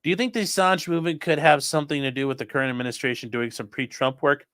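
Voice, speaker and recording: A man hosting a livestream, reading out viewer questions and answering them in a rambling, offhand way that often trails off quietly. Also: on the high side, fast talker, no room sound, clean studio sound. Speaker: livestream host reading chat. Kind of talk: casual live chat.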